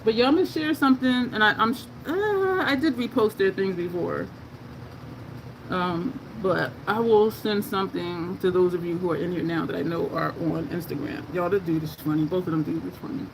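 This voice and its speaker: A woman doing a makeup tutorial, chatting in a casual, expressive way and often laughing as she talks to her viewers. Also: on the low side, moderate pace, vocal fry. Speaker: makeup vlogger. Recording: noticeable background noise.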